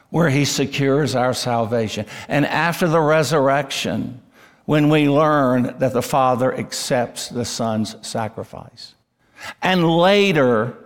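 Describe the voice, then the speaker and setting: Slow gravelly preacher in a hall. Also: male voice, medium pitch. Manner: emphatic, rising on key words, slow and deliberate. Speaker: pastor. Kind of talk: expository sermon. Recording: long reverb of a church hall.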